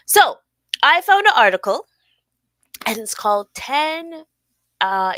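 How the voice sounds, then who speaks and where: Bright, chatty woman podcast host. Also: fairly low pitch, no echo. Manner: chatty, laughs often, fillers and playful sound effects. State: sore from working out. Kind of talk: casual solo podcast talk.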